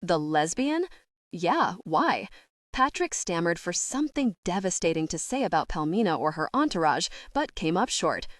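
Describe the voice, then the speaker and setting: Woman audiobook narrator, wry, lively pitch, dry close recording. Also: a little fast, hardly any pauses, no echo. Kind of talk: scripted narration.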